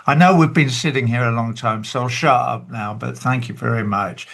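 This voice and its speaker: An older man on a video call, a songwriter talking about his song in an unhurried, emotional way. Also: mid-range voice, creaky, fairly bright tone. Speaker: songwriter guest. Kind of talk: casual talk on a webinar call.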